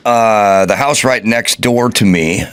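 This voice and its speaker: A man's voice: on the low side, a little slow, a bit bright, clear, resonant tone, no room sound. A man co-hosting a talk show, mostly agreeing with the host and chiming in with wry remarks. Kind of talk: casual talk show banter.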